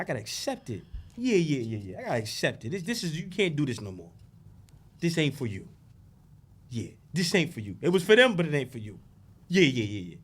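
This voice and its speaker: Animated man preaching in casual talk. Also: mid-range voice, slightly rough. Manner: preachy, animated, profane storytelling. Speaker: podcast guest. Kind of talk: casual podcast conversation.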